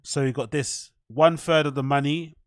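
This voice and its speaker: Sarcastic male podcast host, slightly high voice, dry close sound. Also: fairly even intonation, moderate pace, dry recording. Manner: mocking, sarcastic, swears. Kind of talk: rambling commentary over clips.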